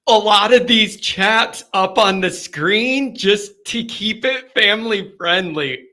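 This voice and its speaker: A man's voice: high-pitched, slow pace, hardly any pauses, pushed and bright. A man hosting a casual live call-in fan show, rambling and tripping over his words. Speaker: sports fan show host.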